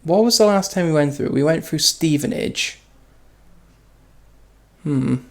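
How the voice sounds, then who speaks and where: His voice sits on the high side and is expressive and unhurried, captured in a low-quality recording. Playing a train simulator, he chats loosely, wanders through anecdotes, and chuckles at himself, with the game's engine and track noise audible behind him.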